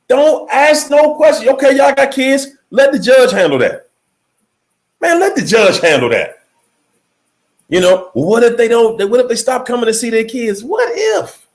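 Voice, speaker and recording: A man hosting a motivational livestream, talking emphatically and straight to his viewers, swinging between high exclaims and low murmurs. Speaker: livestream host.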